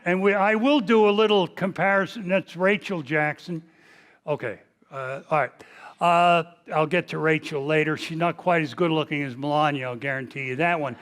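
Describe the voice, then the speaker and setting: A man in his seventies speaks in a notably high voice as he lectures on history. He rambles and pokes fun at himself. He talks to a big audience in a library hall from a lectern mic. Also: fairly bright tone, clear, resonant tone. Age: 70s. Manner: self-deprecating, rambling, joking. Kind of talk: public lecture with jokes. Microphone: stationary mic at a lectern.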